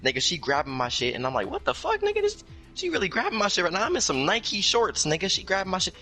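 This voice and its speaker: A young man spins a casual story with loads of profane slang, his voice bright and cutting. He talks a touch high and leaps way up when he quotes himself. Faint music plays underneath. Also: big pitch swings, quick pace. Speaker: storyteller guest.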